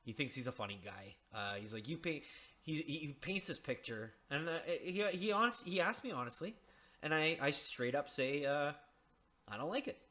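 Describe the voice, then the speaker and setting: A man's voice: fairly high pitch, expressive, moderate pace, pushed and bright. A man casually discussing a video game in a sarcastic, mocking way, rambling with many restarts and the odd swear word.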